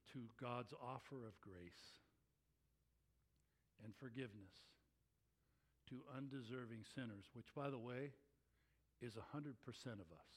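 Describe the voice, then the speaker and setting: A male pastor preaching a sermon, animated, acting out the voices of his listeners. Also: mid-range voice, slightly rough.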